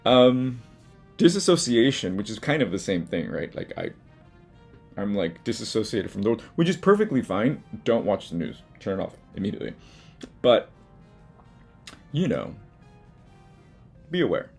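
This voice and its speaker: A man with a low, husky, gravelly voice gives casual advice to his viewers from his art studio. He talks frankly, swears now and then, and mocks himself in asides. Soft music runs quietly underneath. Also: sing-song, moderate pace, pauses often. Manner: chatty, frank, self-mocking, with swearing and asides. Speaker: artist and video host. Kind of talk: casual motivational talk to camera.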